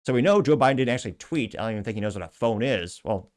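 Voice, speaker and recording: A man's voice: mid-range voice, animated, very fast, darkish tone. Sarcastic male commentary host. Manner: sarcastic, reads out comments aloud. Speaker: show host. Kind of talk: casual political commentary.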